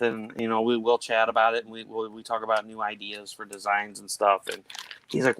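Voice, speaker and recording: A man's voice: on the low side, steady tone, normal speed, sharp tone, smooth. A man who organizes a charity fundraiser, talking in an earnest, chatty way with many fillers. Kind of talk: casual livestream chat.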